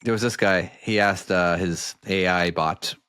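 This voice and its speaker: A man's voice: low voice, fairly even intonation, unhurried, a bit bright, smooth, no room sound. A man co-hosting a podcast, chatting casually and rambling with lots of restarts. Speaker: podcast co-host. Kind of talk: casual chat.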